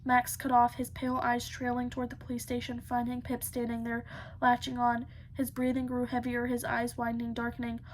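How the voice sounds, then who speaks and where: Woman narrator for a thriller audiobook, steady and even, slightly high. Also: brisk, slight background noise. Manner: steady, with occasional slips and restarts. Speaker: audiobook reader.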